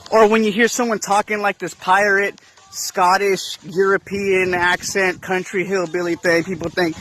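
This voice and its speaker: A man's voice: sits high, little pitch movement, moderate pace, a bit bright, slight background noise. A man giving casual explanatory commentary, constantly checking in with "right?" as he makes his point. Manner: keeps asking "right?" while explaining. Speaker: video commentator.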